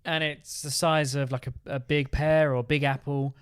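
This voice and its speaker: A man's voice: on the high side, flat delivery, clean tone, no echo, clean studio sound. A man co-hosting a travel vlog, running through a list in an upbeat, jokey manner. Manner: upbeat, jokey, quick list-style rundowns. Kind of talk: casual chat.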